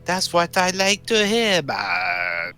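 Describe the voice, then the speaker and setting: A man's voice: high-pitched, wildly swooping pitch, takes it slowly, bright, forceful tone, clear, resonant tone, voice pushed up, full character voice. A man voicing a chirpy male robot chef with a Welsh accent, who swaps his swear words for bleeps and bloops. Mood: cheeky. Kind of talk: voicing game dialogue.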